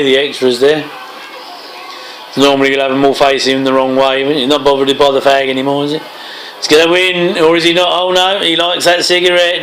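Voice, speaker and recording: A man's voice: mid-range voice, fairly bright tone, slight background noise, rough recording. A man giving casual movie commentary, full of chatty wry asides and chuckles. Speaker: film commentator.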